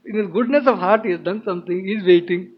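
A man's voice: high-pitched, fast talker, husky. A man retelling an old tale in a chatty, laughing way with many asides. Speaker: storyteller. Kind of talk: casual storytelling talk. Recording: dull lo-fi with faint ambience.

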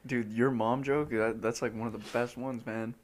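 A young man with a medium-pitched, steady voice speaks at a moderate pace as a podcast co-host. In casual chat he tells funny stories, laughs often, and says "dude" a lot.

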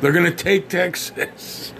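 A man's voice: sits high, fairly even intonation, slow, vocal fry, noisy background. A blunt, profane man ranting on his podcast, often stammering and restarting. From United States. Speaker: podcast host. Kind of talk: opinionated podcast rant.

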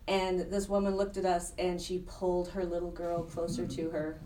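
A woman's voice: fairly low pitch, completely flat delivery, moderate pace, dark tone, distant mic. A woman performing an improvised comedy scene with dry, teasing banter. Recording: echoey room with faint hiss.

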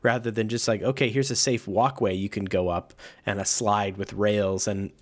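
A man's voice: on the low side, steady tone, moderate pace. Rambling, hesitant podcast guy. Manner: rambling, hesitant with fillers and restarts. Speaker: podcast co-host. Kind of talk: casual chat.

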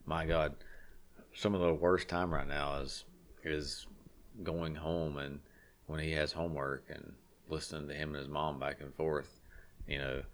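A man's voice: rumbling low, level tone, measured pace. A man talking casually and frankly, rambling through stories with acted-out quotes. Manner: salty, frank talk. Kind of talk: casual chat.

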